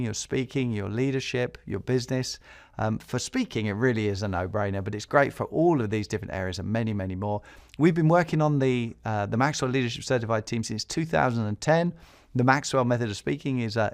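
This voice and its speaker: A man hosting a podcast, talking in a chatty way with small laughs and fillers. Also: medium pitch. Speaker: podcast host. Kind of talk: casual podcast talk.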